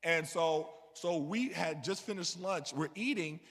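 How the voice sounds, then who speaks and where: A man's voice: fairly high pitch, measured pace, a bit bright. A man telling a personal story as a conversational sermon, often checking in with "you know what I mean.". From New York. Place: church sanctuary. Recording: long hall reverb.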